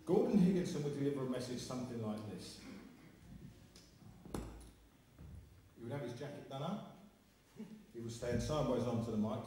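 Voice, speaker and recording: A man's voice: medium pitch, dark tone, slight background noise. A man working as a spiritualist medium, chatty and joking with the audience during a live demonstration in a large hall. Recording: echoey hall from far off.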